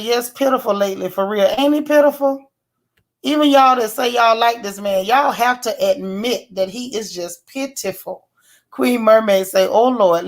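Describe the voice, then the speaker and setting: A woman, recapping a TV episode in a sassy, animated way and chatting with her live viewers. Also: fairly high pitch. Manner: sassy, animated storytelling with mock quotes. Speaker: YouTube TV show reviewer. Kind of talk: casual live-stream recap talking to chat.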